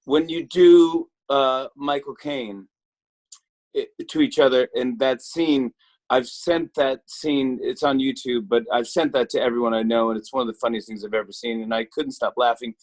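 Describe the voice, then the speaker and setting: A man's voice: medium pitch, steady tone, normal speed. A man hosting a talk show, asking eager, rambling questions.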